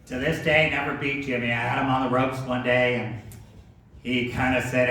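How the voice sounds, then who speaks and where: A man's voice: mid-range voice, little pitch movement, normal speed, sharp tone. Folksy man telling a story, far off. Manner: folksy, laughing, swears freely. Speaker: storyteller remembering a friend. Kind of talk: casual anecdote. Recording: echoey room, mic from far off, ambient noise.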